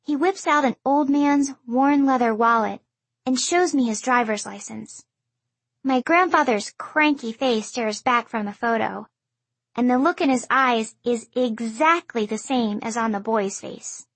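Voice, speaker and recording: A woman narrating a first-person audiobook in an even storytelling delivery. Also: fairly high pitch, unhurried, no echo.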